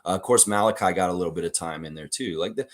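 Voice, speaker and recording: Low-voiced man hosting a fan livestream. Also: racing. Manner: talkative, acts out quoted people. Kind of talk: casual sports talk reacting to chat.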